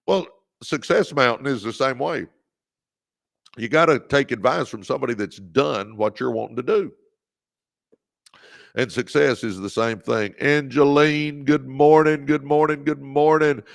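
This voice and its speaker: A Texas-born livestream host and motivational speaker preaches with repeated phrases, calls his listeners "baby" and greets viewers by name. His medium-pitched voice is gravelly, and the studio-quality audio has no room sound.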